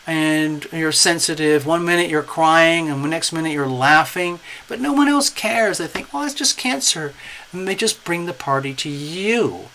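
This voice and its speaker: A man's voice: fairly high pitch, moderate pace, few pauses, a little hiss or hum, poor audio. A man giving a casual, coaxing tarot reading, often checking in with "okay?". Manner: animated, coaxing, repeats "okay?". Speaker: tarot reader.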